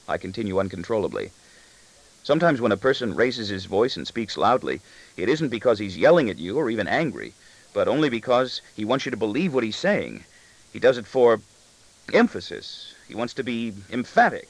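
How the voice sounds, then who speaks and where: A man's voice: lowish voice, sing-song, normal speed, no echo, poor audio. A man narrating a literary novel in the first person, introspective and wry. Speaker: audiobook narrator.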